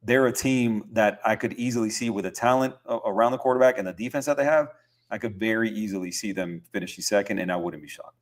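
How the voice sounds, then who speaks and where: A young man hosting a podcast, talking football in a relaxed, rambling way with lots of fillers and easy laughs. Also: fairly low pitch, quick pace. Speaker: podcast host. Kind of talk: casual sports chat.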